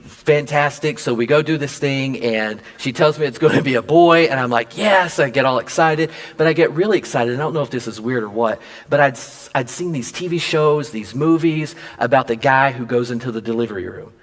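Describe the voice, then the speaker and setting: A man preaching a sermon, telling a personal story and acting out the dialogue with lively swings in his voice. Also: fairly quick, hardly any pauses. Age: adult father. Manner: animated, acts out quoted dialogue with big pitch jumps. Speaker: pastor.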